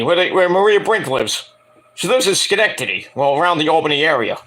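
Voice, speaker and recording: A man's voice: on the high side, sing-song, normal speed, a bit bright. A man hosting a review show, telling a rambling, self-deprecating story and swearing freely as he acts out quotes. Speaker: wrestling review show host. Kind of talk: casual rambling monologue.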